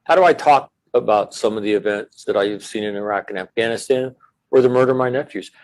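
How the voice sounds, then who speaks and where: Middle-aged veteran guy, low voice, earnest and measured, podcast guest. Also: darkish tone, poor audio. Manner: earnest, reflective, speaks in measured phrases. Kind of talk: casual podcast conversation.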